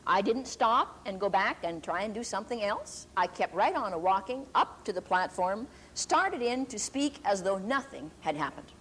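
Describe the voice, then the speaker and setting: An older woman preacher telling a testimony in a sermon, deliberate and emphatic, drawing out key words slowly. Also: medium pitch, animated, fairly bright tone, a little hiss or hum. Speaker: preacher and Bible teacher.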